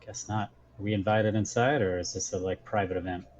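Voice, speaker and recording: A man's voice: lowish voice, fairly even intonation, a little fast, darkish tone. A man playing a tabletop game, curious and self-deprecating. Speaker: player. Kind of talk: casual tabletop play.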